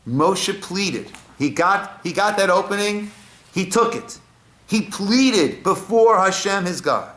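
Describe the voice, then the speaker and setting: In a synagogue, a male rabbi with a high-sitting voice gives a Torah class at a slow pace, the sound roomy. His teaching is lively, full of rhetorical questions, Hebrew quotations, and questions put to his listeners.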